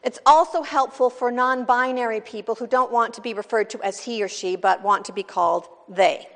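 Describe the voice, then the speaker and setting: A woman's voice: a little high, steady tone, moderate pace, big-room sound. A woman from California preaching a sermon in a conversational, wry teaching manner. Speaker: pastor.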